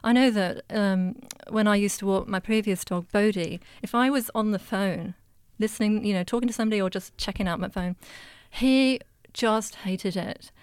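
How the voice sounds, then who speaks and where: Calm, smooth-voiced woman. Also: medium pitch, moderate pace, hardly any pauses, dry recording. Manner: calm, earnest, explanatory. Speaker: animal communicator guest. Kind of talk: casual chat.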